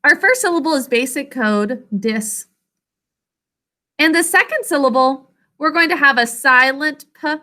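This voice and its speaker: Woman teacher, clear bright tone, unhurried, spelling words out syllable by syllable for a young class online. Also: high-pitched, animated. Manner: slow, deliberate, sounds out syllables. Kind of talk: teaching a spelling lesson to children.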